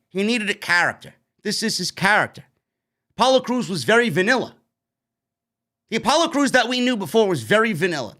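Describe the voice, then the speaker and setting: On a casual wrestling live-stream, a New York man with a high, slightly bright voice recaps the show. He's chatty and opinionated, laying out what happened and then giving his blunt take.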